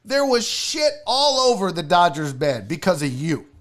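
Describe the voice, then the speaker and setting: A man hosting a solo sports talk show, ranting loudly and mockingly with lots of swearing. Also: high voice, big pitch swings, normal speed. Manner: loud, mocking, profane ranting.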